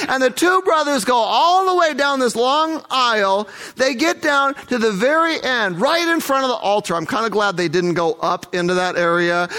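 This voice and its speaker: A man's voice: very high-pitched, bright, forceful tone. A man working as a missionary tells a first-person testimony story, earnest and vivid, acting out the dialogue.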